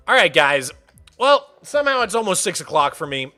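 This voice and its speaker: An excitable young man hosts a casual game stream in a sharp, bright voice that swings widely in pitch. He greets viewers by name and keeps up a playful running chatter. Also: fairly quick, faint music behind. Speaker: livestreamer and server host.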